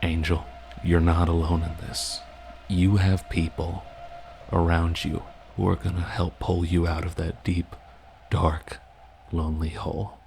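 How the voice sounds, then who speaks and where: A man playing a steady young adventurer who calms a friend with a story. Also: deep voice, unhurried, creaky, slight background noise, low-quality recording. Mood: calming.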